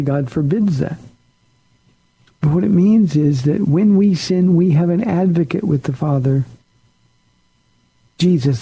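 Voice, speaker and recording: A man's voice: a little high, warm tone, slightly rough, low-quality recording. A pastor on a call-in radio show, a man answering listener questions in an earnest, plain-spoken way.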